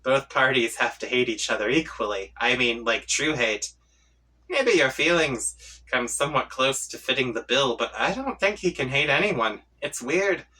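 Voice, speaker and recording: A man's voice: medium pitch, lively intonation, normal speed, pushed and bright, breathy edge, distant mic, low-quality recording. A man reading a comic aloud, voicing an irritable young male troll leader who rants in prickly bursts. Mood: ranting. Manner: prickly, ranting.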